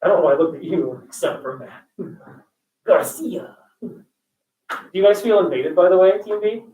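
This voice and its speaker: A man with a warm, high, animated voice lectures fast to his college students, joking, going off on tangents and firing quiz questions. The audio is echoey, captured by a distant, dull mic.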